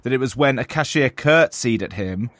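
A man's voice: mid-range voice, lively intonation, moderate pace, a bit bright, no echo. Man hosting a sports discussion. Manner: conversational, leading questions. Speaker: host.

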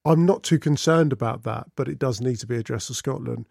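A man, a pundit in casual chat, speaking in a measured, analytical way. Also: mid-range voice, creaky, darkish tone, no echo, studio quality.

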